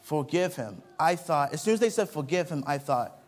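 A young man preaches to children in a lively storytelling manner, with a voice a bit higher than most men. He reads scripture and stops to put questions to the kids. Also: normal speed. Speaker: children's Bible teacher. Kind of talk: children's sermon.

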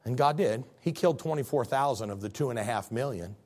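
A man's voice: medium pitch, lively intonation, fast, a little mellow. A man preaching a sermon as a pastor, telling stories with comic character voices.

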